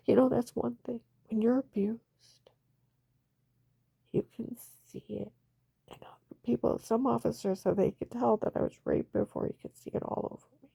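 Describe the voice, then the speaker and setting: A woman's voice: fairly high pitch, fairly even intonation, moderate pace, vocal fry, pauses often, warm tone, breathy edge, no echo, clean studio sound. A woman speaking in a rambling, emotional personal monologue, often dropping into a whisper.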